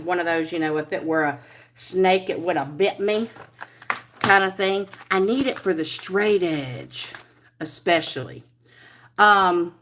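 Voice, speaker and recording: A woman's voice: mid-range voice, a bit bright, slight background noise. A middle-aged woman hosting a casual live stream, chatty and rambling as she greets viewers by name. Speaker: livestream host.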